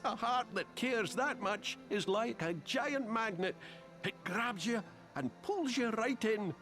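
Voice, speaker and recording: Brief: genial folksy male restaurant backer for a video game cutscene, high and animated. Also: takes it slowly, faint music behind, exaggerated voice. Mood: cheerful. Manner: folksy, warm-hearted speech with old sayings.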